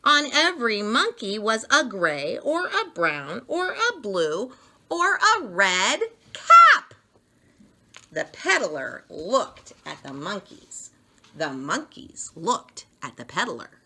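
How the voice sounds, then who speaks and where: Slow, sing-song woman storyteller. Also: medium pitch, huge pitch swings, pushed and bright. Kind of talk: children's story read-aloud.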